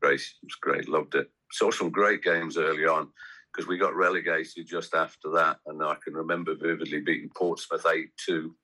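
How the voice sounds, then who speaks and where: Deep, bright-voiced man in his sixties. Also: fairly even intonation, moderate pace, poor audio. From English West Midlands. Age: 60s. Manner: rambling, anecdotal. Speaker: guest. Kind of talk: casual chat.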